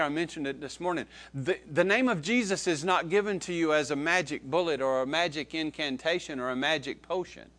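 A male pastor delivering a sermon in a voice on the higher side for a man. He leans hard on key words, then falls quiet and low for asides, repeating phrases and speaking straight to his congregation. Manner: emphatic preaching, swings from loud stresses to soft low asides; repeats key phrases, addresses listeners directly.

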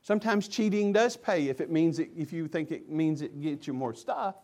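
A pastor preaching with a fairly high voice. He talks with passion, going from loud and pressing to low and quiet. His delivery is fervent and direct. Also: normal speed. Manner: impassioned, swings from loud to hushed. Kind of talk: sermon.

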